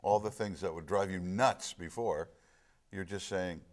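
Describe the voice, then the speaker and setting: Middle-aged man, very deep voice, earnest storyteller in casual talk. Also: measured pace. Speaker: film discussion guest. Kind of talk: casual chat.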